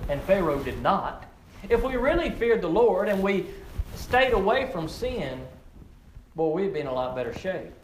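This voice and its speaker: A man preaching a sermon, earnest, often repeating words as he builds to emphatic, rising peaks and then drops low. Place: outdoor or open church setting with frog croaking nearby. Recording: echoey room with faint ambient noise.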